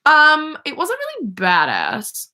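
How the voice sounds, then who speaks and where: A woman's voice: high-pitched, wildly swooping pitch, slow, pushed and bright. A young woman hosting a casual fan livestream, gushing and chatty, with many fillers and restarts, on a phone or webcam mic. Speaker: livestream host.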